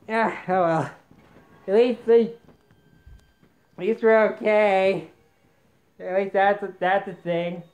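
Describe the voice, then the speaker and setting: A woman doing a comic sketch rant, exasperated and yelling "no" over and over. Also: medium pitch. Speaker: comedy video maker.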